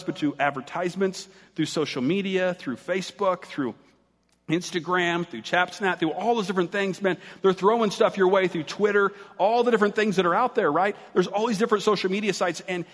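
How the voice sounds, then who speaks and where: A man's voice: sits high, long reverb tail. A man preaching a sermon as pastor, talking in a casual, conversational way and joking with the congregation.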